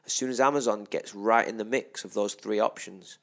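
Young male podcast co-host, lowish voice, animated and sweary, argues with conviction. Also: a little fast. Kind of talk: casual podcast chat.

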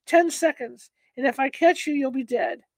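A woman's voice: high voice, normal speed, a little mellow, dry recording. A woman reading aloud, voicing a sly adult male stranger who coaxes and threatens. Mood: menacing. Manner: sly, coaxing turning threatening. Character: menacing adult male stranger, coaxing then cruel. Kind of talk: read-aloud storytelling.

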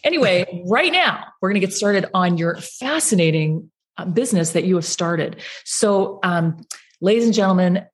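A woman hosting a podcast in a chatty, bubbly way, rambling through asides and laughing often. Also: fairly low pitch. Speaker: podcast host.

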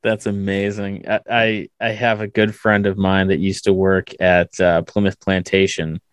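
A man interviewing a guest in a relaxed, casual chat and laughing along easily. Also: low-pitched, measured pace, clear, resonant tone, no room sound.

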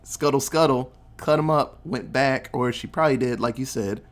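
A man's voice: medium pitch, normal speed. A man casually recapping a movie plot, acting out the characters' lines and swearing freely. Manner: animated storyteller acting out quotes, swears freely.

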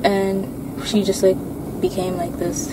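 A woman's voice: medium pitch, little pitch movement, a little slow, very noisy. A young woman co-hosting a casual podcast chat, chatty and giggly, with plenty of likes and ums. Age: young adult. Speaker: podcast co-host.

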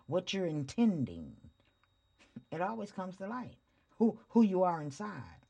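Low-voiced woman preaching self-worth casually. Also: sing-song, measured pace, gravelly, warm tone, slightly rough. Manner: casual, preachy, rhetorical questions, frequent chuckles. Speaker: podcast host. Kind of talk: spiritual motivational talk. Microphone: studio microphone.

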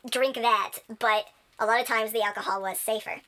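A young woman talks in an easy, rambling way, full of ums and restarts, clearly excited about what she is explaining. Her voice sits a little high and rings very bright. It is relaxed, casual chat. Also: fairly quick. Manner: enthusiastic, rambling with many fillers. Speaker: channel host.

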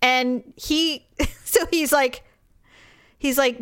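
A woman's voice: on the high side, a little slow, a bit bright, clean tone. A middle-aged woman hosting a podcast, telling a story in casual chat, acting out quoted voices, swearing and laughing. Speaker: podcast host.

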